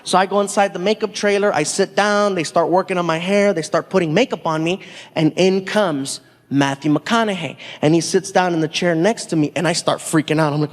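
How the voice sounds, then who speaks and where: A man doing animated stand-up storytelling on a theater stage, acting out the voices of people in his stories. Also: high-pitched, a little fast, in a large hall. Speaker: stand-up comedian.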